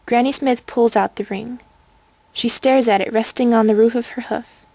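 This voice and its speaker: A woman reading a storybook aloud in an even, measured way. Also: a little high, no room sound. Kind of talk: storybook narration.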